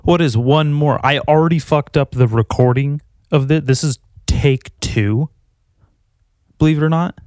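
A man's voice: mid-range voice, measured pace, a little mellow, no echo, clean studio sound. A young adult man hosting his own podcast from a bedroom at home, rambling, swearing freely and poking fun at himself. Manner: rambling, profane, self-mocking. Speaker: podcast host. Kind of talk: casual solo podcast chat. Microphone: new desktop recorder.

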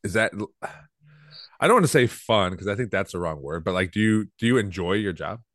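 Low voice host guy, chill and kinda hesitant, dry close mic. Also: expressive, brisk, fairly bright tone, no echo. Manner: easygoing, hesitant questions. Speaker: podcast host. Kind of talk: casual interview chat.

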